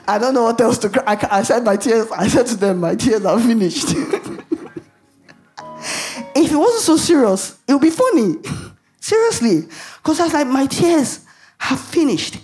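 A woman's voice: a little high, a little mellow. A woman preaching a sermon in an emphatic way, asking the audience rhetorical questions and laughing at herself.

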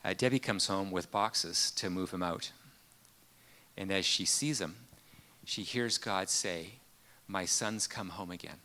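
A man preaching a sermon, telling a personal story earnestly with many pauses and fillers. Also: deep voice, sharp tone.

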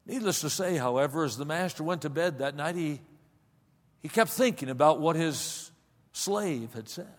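A man preaching, telling a story dramatically, swinging between loud passages and hushed ones, recorded with a long hall reverb. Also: on the high side, expressive, normal speed. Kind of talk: sermon storytelling.

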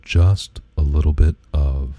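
A man voicing a sultry, crooning parody of an ASMR performer, low and drawn out. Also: steady tone, a little slow, mellow, highs cut off.

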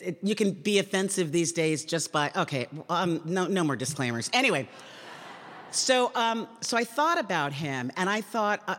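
Animated woman in her sixties telling stories. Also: fairly low pitch. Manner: animated and chatty, acts out her anecdotes. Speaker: comedian giving a public talk. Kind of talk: humorous storytelling talk. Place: lecture hall at a public forum. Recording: reverberant hall sound.

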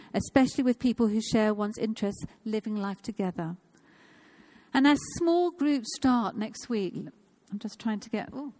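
A woman's voice: a little high, a little mellow. Earnest woman in her fifties preaching. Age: 50s. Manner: earnest, personal, repeats phrases for emphasis. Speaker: church speaker. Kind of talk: informal sermon.

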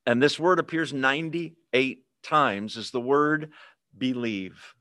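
Male teacher, relaxed and chatty, mid-range voice, dry close sound over a video call. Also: mid-range voice, takes it slowly, clear, resonant tone, dry recording. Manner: conversational, with fillers and humorous asides. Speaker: Bible study teacher. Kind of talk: casual Bible teaching. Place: online video meeting.

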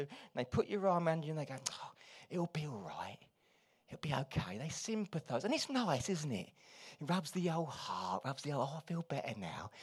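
A man preaching a sermon, moving between quiet, confiding asides and loud, urgent exhortation. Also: a little high. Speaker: pastor.

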